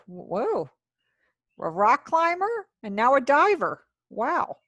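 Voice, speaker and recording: A woman's voice: high-pitched, big pitch swings, takes it slowly, fairly bright tone, no room sound, lo-fi sound. A woman teaching a sign language class over a video call, chatty and encouraging, praising students as she goes. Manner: chatty asides to herself. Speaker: ASL teacher.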